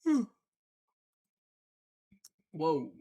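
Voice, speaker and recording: A man's voice: on the high side, huge pitch swings, extremely slow, dark tone. A man from Mississippi, hosting a casual livestream and thinking aloud in a rambling, sarcastic way. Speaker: livestream host making fight picks.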